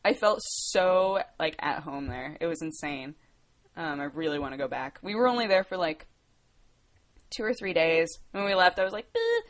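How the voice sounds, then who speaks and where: A woman's voice: low-pitched, animated, moderate pace. A woman in her twenties from the United States, chatting casually on a livestream, rambling and laughing as she answers viewer questions. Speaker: livestream host.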